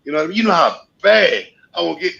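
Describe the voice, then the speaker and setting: A man in his forties speaks with a fervent, rambling drive, often circling back over the same phrase. His voice is raised and gravelly. The call audio comes through muffled and lo-fi. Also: on the high side, expressive, rapid-fire, sharp tone. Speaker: panel guest. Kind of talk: casual panel chat.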